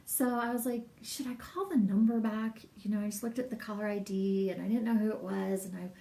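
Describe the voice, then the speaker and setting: A woman's voice: mid-range voice, fairly even intonation, a little fast, vocal fry, warm tone, roomy sound, recorded from a distance. A middle-aged woman, a massage business coach, talking in a casual, rambling livestream and reading out viewer comments. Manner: chatty, rambling, laughs often, reads viewer comments.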